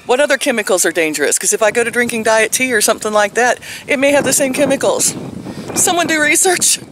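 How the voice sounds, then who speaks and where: A woman's voice: on the high side, fast, a bit bright, a little hiss or hum. An older woman vlogging casually from outside her home on a phone camera, telling stories and laughing often. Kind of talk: casual vlog chat. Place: outdoors at home.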